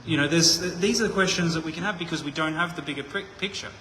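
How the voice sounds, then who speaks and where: A man's voice: a little high, fast talker, pushed and bright, slight background noise. A man preaching a conversational sermon, thinking aloud with frequent restarts. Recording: echoey hall with long reverb.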